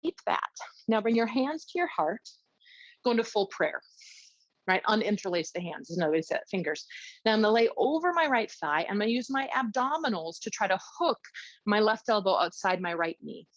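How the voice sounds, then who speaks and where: A woman teaching a yoga class, giving chatty, encouraging cues and checking in with a quick "yeah?" as she goes. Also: medium pitch, big pitch swings, dry recording. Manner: chatty, encouraging, frequent "yeah?" check-ins, light laughs. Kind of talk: guided yoga class instruction. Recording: dull, dry lo-fi sound.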